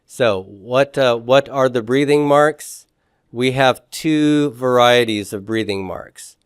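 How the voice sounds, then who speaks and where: A man's voice: mid-range voice, slow pace, smooth, no room sound, clean studio sound. A man teaching a beginners' Greek lesson, explaining patiently and often checking in with "okay?". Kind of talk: classroom lecture.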